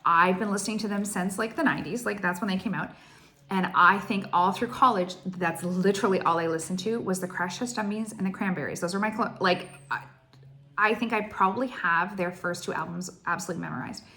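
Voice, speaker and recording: An excitable woman in her forties, chatting to her viewers in a casual craft vlog. She gushes and rambles, stacking "like" into every sentence as she tells her story. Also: medium pitch, brisk. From Canada. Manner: excitable, gushing, heavy use of "like". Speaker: cross stitch vlogger.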